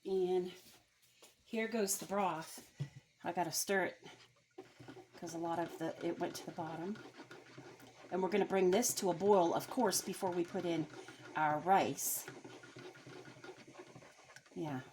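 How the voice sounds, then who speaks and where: A woman's voice: lowish voice, fairly even intonation, measured pace, pauses often, a little mellow, slight background noise, low-quality recording. A middle-aged woman hosting a home cooking video, chatty and folksy, joking about herself as she cooks in her kitchen. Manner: chatty, folksy, self-deprecating. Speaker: cooking channel host. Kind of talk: home cooking demonstration with jokes. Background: faint frying sizzle.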